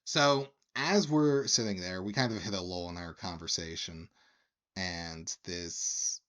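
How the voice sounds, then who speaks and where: A man's voice: sits low, a bit bright. A man co-hosting a podcast, telling a rambling bar anecdote in casual chat with frequent restarts. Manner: slow, halting anecdote telling with quoted voices. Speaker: podcast co-host.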